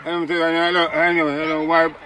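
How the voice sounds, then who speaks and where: A man rambling excitedly on a city street, filmed by bystanders on a phone, repeating calls of "hey". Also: on the high side, fast talker. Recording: loud street traffic noise.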